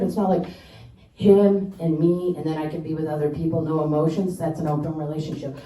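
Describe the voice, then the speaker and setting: A woman's voice: deep voice, fairly even intonation, brisk, mellow. A woman performing a stand-up comedy set, telling stories animatedly and acting out quotes in exaggerated voices. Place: stage before a live audience. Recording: roomy live stage mic, distant, crowd laughter.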